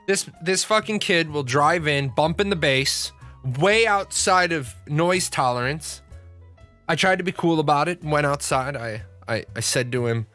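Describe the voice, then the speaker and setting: A man hosting his own stream, telling a profane story in a casual, animated way. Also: a little high, measured pace, soft background music. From Illinois. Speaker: streamer host. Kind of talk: casual chat, storytelling rant.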